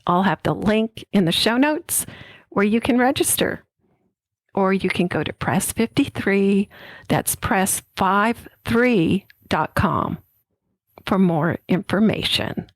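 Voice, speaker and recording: Slow-talking woman podcast host. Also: mid-range voice, animated, no echo, low-quality recording. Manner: slow, warm and enthusiastic. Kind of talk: interview hosting, scripted intro.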